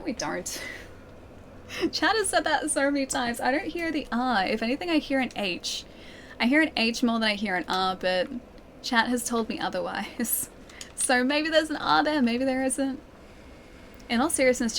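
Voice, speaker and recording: A woman's voice: a little high, animated, moderate pace, a little hiss or hum. An Australian woman streaming a game from her living room, chatting and laughing often as she answers viewer comments. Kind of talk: live gameplay stream, chatting with chat.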